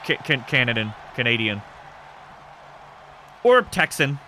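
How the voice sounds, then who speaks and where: A man in his thirties hosting a game stream, chatting casually and answering chat in a rambling, self-described monotone. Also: on the high side, moderate pace, slight background noise. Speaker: streamer hosting an e-fed wrestling show.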